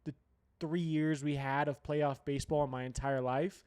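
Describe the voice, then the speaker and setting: Foul-mouthed sports host guy from colorado, slightly high voice, rants and keeps restarting. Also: fairly even intonation, moderate pace, darkish tone, clear, resonant tone. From Colorado, USA. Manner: profane, blunt, ranting with heavy swearing; restless, restarts and repeats himself. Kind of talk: casual sports rant.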